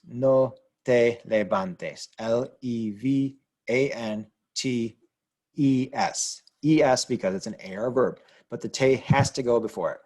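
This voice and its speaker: A man's voice: mid-range voice, darkish tone. Guy teaching a grammar lesson, patient, spells stuff out letter by letter. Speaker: Spanish teacher. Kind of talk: explaining grammar on a whiteboard.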